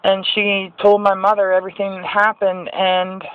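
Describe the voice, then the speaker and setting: A woman's voice: medium pitch, completely flat delivery, moderate pace, clean tone, phone-quality sound. A woman sharing a personal faith testimony in an earnest, rambling way, often restarting her sentences.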